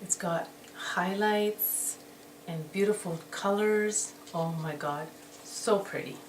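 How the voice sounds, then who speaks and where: Woman vlogger showing off makeup, gushing and breathless with excitement; mid pitch, distant echoey room recording with background noise. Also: slow pace. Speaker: beauty vlogger. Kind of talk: casual haul video. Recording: roomy echo, distant mic, noisy background.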